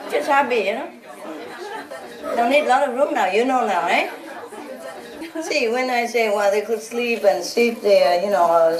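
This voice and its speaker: A woman spiritual teacher giving an informal, teasing talk to a group of followers, laughing often. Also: fairly high pitch. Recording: roomy hall, voice from a distant mic. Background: audience laughing.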